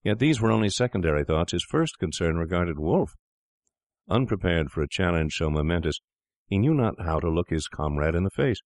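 A man narrating a classic tale in a measured, grave manner. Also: deep voice, expressive, a little mellow, no room sound, clean studio sound.

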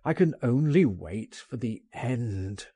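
A man's voice: mid-range voice, animated, slow, warm tone, breathy edge, dry recording. A man reading an audiobook, voicing a frightened, despairing man who dreads arrest and speaks in a pleading, trembling way. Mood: anguished. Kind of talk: audiobook character voice.

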